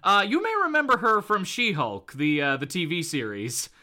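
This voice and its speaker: A man's voice: sits high, huge pitch swings, moderate pace, bright, forceful tone. A man hosting a podcast, recapping comics in a casual, laughing way with many fillers. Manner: laughing, filler-heavy storytelling. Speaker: podcast host.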